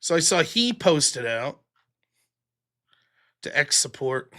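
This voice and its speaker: Bright-voiced sarcastic man hosting a livestream. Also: a little high, big pitch swings, takes it slowly. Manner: profane, sarcastic, rambling. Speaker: show host. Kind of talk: livestream chat reading donations.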